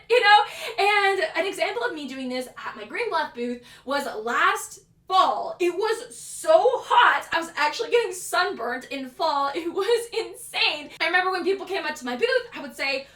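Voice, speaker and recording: A young woman with a high, bright voice talks through casual vlog tips in a chatty, upbeat way. She acts out little quoted exchanges as she goes. The room is echoey, and she sits a little back from the mic. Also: distant mic. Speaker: craft seller and video host.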